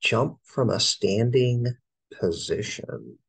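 A man's voice: on the low side, animated, takes it slowly, vocal fry, breathy edge, low-quality recording. A middle-aged American man, an English teacher, going through test answers and spelling words out letter by letter. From United States.

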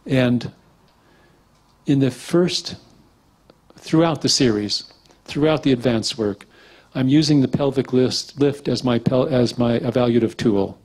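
A man's voice: medium pitch, unhurried, long pauses. A man teaching structural integration in a casual lecture, rambling and acting out little quotes from clients. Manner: relaxed, rambling, acts out quotes.

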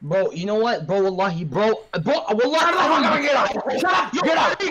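A shrieking, rowdy young man yells taunts in a squealing, very high voice at a quick clip. A loud crowd roars behind him. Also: expressive. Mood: rowdy taunting. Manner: yelling, taunting, laughing through insults.

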